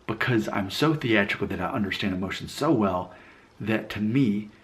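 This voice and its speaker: A man with a very low voice tells a personal story to his channel. He talks reflectively and rambles, often stopping to correct himself mid-sentence. He grew up in Alabama and has no regional accent. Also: normal speed. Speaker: vlogger. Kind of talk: casual storytelling vlog.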